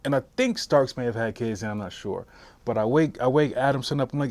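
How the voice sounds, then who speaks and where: Man, 40s, veteran, oral history interview, halting, restarts a lot, mid pitch, dry close sound. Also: darkish tone, no echo. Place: interview room.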